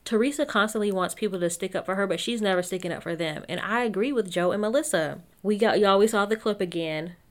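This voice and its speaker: A young woman recapping a reality show in a casual, chatty way, full of opinions and quick laughs. She calls her listeners y'all and talks to them like friends, in a voice of middle pitch.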